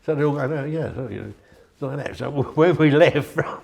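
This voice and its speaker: A man's voice: fairly high pitch, moderate pace, creaky, a little mellow. An older man, chatty and rambling as he tells anecdotes in an interview. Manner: rambling, chatty, with frequent restarts. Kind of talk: anecdotal storytelling.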